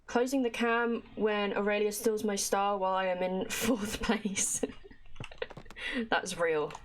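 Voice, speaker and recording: A woman streamer talks through her game in an easy, chatty way, reads the in-game notes and letters aloud, and speaks straight to her chat. Her voice sits at a middling pitch. A faint noise hangs behind her, along with light keyboard clicks. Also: fairly even intonation, takes it slowly. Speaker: livestreamer. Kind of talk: casual gameplay commentary, reading in-game notes aloud.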